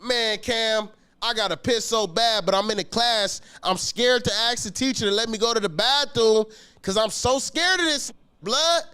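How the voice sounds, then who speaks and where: A man telling a story about his school days in a casual, slangy, animated way, swearing often and acting out the scenes. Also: very high-pitched, moderate pace, clear, resonant tone. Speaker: podcast guest telling a story.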